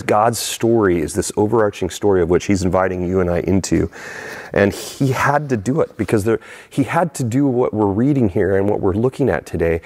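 A man preaching a sermon as pastor, retelling scripture and acting out the crowd's shouts. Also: husky. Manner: animated, rising in pitch when acting out crowd lines.

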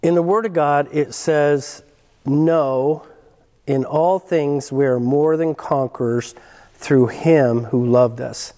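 Slow-preaching man in a reverberant hall. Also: on the high side, warm tone. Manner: earnest, emphatic preaching with repeated phrases. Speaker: pastor. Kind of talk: sermon.

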